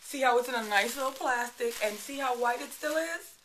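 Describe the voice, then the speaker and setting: A woman's voice: high-pitched, brisk, a bit bright, a little hiss or hum. A woman in her thirties with a Virgin Islands accent, chatting playfully to camera and laughing often. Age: 30s. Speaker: vlogger. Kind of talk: casual chat to camera.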